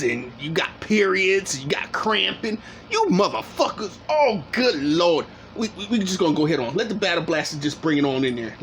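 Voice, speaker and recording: High-pitched dude ranting and cussing over a clip, bit of noise in the background. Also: male voice, a bit bright. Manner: heated, cursing, interrupts the clip. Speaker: commentary channel host. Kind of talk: profane reaction commentary.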